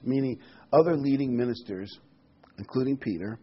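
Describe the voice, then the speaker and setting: A man's voice: mid-range voice, big pitch swings, moderate pace, breathy edge. A man preaching a Bible study sermon, reading scripture aloud, telling jokes and stressing key words. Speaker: pastor. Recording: dull lo-fi recording.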